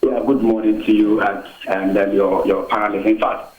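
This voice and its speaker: A man's voice: on the low side, flat delivery, moderate pace. Guy calling into a talk show, pushy rhetorical questions, echoey tinny phone line. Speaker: phone-in caller. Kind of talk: call-in comment.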